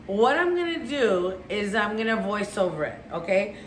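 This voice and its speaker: A woman's voice: mid-range voice, sing-song, normal speed, a little hiss or hum. A woman talking in a bubbly, gushing, rambling way, often repeating herself, as a home decor vlogger. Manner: rambling, talkative. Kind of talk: casual chatty vlog and voice-over. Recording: roomy echoey room, faint music.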